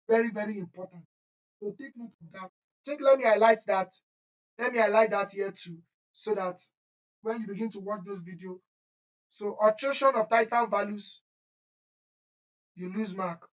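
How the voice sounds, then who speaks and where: A woman's voice: mid-range voice, low-quality recording. A woman chemistry teacher, giving an exam-prep lesson in an emphatic, scolding way that repeats key points. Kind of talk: exam-prep lesson, screen-share walkthrough.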